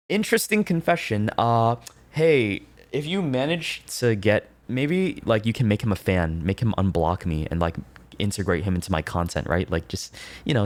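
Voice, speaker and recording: A man's voice: deep voice, dry recording. A young man streaming from home into a close desk mic, chatting casually with his viewers in a rambling way, with laughs and swearing. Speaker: VTuber streamer. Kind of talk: casual livestream chat reading confessions.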